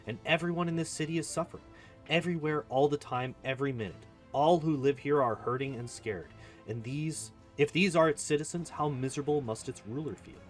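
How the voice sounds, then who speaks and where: A man reading aloud as an earnest young female healer in a video game, speaking softly and pleadingly. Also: a little high, a little fast, soft background music, close to an everyday voice.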